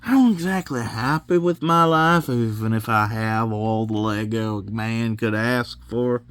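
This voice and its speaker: A man's voice: on the low side, a little slow, fairly bright tone, clean tone. A man giving a casual, rambling toy review at home, self-deprecating and wandering off topic. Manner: rambling, self-deprecating, drifts into joke accents. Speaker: Lego set reviewer.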